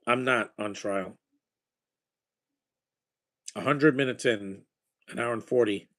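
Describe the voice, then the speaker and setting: A man's voice: medium pitch, takes it slowly, fairly bright tone. A man chatting casually while watching a movie, rambling with enthusiasm about films and their scores. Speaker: movie watcher giving reactions.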